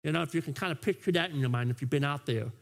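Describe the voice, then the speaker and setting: A man preaching a sermon as pastor, animated and often restarting with repeated words. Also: fairly high pitch, very fast, gravelly.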